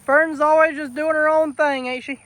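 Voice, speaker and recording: A man's voice: very high voice, little pitch movement, normal speed, sharp tone, dry recording. A man, vlogging outdoors on his farm and cooing affectionately at his animals by a fence. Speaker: homesteader vlogger. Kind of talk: casual vlog talk to camera.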